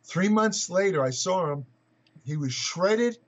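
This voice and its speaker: A man's voice: high voice, expressive, measured pace. An older man talking as an interview guest, rambling through stories with many hesitant restarts and chuckles. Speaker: guest, fitness writer. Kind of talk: casual interview storytelling. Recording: muffled lo-fi audio.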